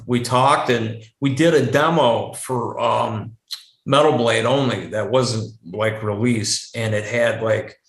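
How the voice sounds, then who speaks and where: A man's voice: mid-range voice, fairly even intonation, slow pace. A man in his forties, a metal guitarist guest telling band stories in a casual, rambling way and swearing a lot. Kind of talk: casual storytelling chat. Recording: echoey room.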